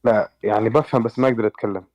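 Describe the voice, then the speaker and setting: A male caller on a call-in show, speaking in a hesitant, halting way. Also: lowish voice, steady tone, darkish tone. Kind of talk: call-in conversation. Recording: dull lo-fi call line.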